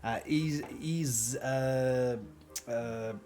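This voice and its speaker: A man's voice: medium pitch, very slow, darkish tone. A male streamer chatting casually while gaming, rambling and self-mocking, on a desk mic beside a clicky mouse. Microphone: desk mic near a clicky mouse.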